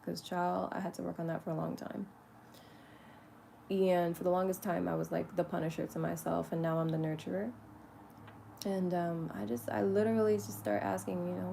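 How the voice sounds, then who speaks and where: A woman with a low, gravelly voice delivers a chatty spiritual vlog monologue. She is candid and swears freely, often breaking into laughter. A faint hiss of room noise sits underneath. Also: flat delivery, moderate pace. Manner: talks to herself lovingly in soft asides. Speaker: spiritual vlogger.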